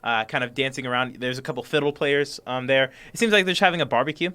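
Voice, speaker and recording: A man's voice: mid-range voice, fast talker, pushed and bright, smooth. A man narrating as game master in a tabletop game, rambling with many ums and restarts. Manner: rambling, lots of fillers and restarts.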